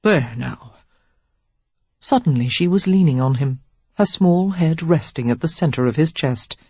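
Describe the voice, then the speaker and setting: A woman with a low, slightly rough voice narrates a romance novel as an audiobook, reading from a script in an expressive, measured way. The recording is dull and dry, with no echo.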